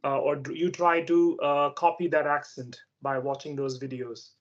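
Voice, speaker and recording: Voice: mid-range voice, level tone, moderate pace. Hesitant interviewer on dull lo-fi audio. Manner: hesitant, full of "uh, like" fillers, patient explaining. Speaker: English conversation interviewer.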